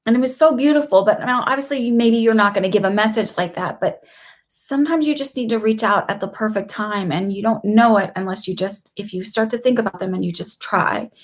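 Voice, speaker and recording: A middle-aged woman talks casually on a live stream from her home. Her voice sits at a middle pitch, and she tells personal stories in an emotional, heartfelt way that turns tearful at times. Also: fairly quick. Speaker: spiritual channel host.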